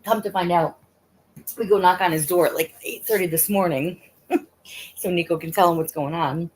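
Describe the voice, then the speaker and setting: A woman's voice: fairly low pitch, normal speed, slight background noise. A middle-aged woman casually telling a rambling story on a livestream, full of fillers and laughs. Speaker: livestream host.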